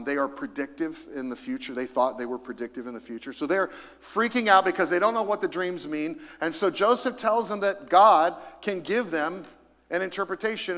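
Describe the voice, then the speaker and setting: A middle-aged man preaching a sermon in a church, lively and emphatic, calling out to the congregation for responses. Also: high-pitched. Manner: lively, rising to emphasis, calls for audience responses. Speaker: pastor. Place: church auditorium. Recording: long hall reverb.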